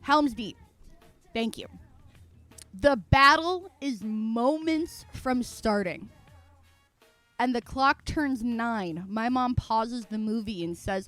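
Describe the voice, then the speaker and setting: A young woman streamer telling a story in casual chat, animated and foul-mouthed, acting out her own quotes and laughing often. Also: a little high, slow pace, no room sound, soft background music.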